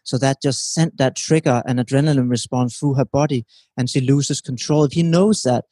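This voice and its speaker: A man giving a calm, teacherly explanation as a guest in an interview, often checking in with his listener. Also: medium pitch, moderate pace, no echo. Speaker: relationship expert guest.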